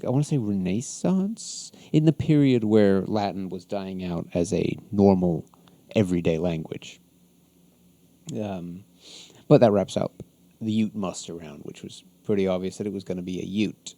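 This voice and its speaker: A man hosts a podcast, talking through an episode in a loose, rambling recap. His voice is low, gravelly and warm, with frequent ums and soft chuckles. The sound is dry and close to the mic. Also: no echo. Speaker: podcast host.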